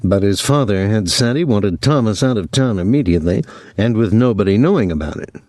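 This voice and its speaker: A man narrating a novel chapter in a measured, steady reading. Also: fairly low pitch, dry recording, studio quality. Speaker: audiobook narrator. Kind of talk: scripted narration.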